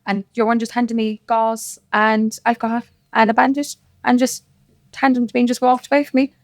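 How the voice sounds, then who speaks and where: Gravelly-voiced Cork Irish woman. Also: a little high, level tone, a little fast. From Cork, Ireland. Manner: rambling, emphatic storytelling full of "like". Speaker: podcast guest. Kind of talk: casual chat.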